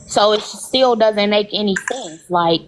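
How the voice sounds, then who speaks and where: A woman's voice: medium pitch, a little slow, slight background noise. A woman guest on a livestream in casual chat, rambling and indignant.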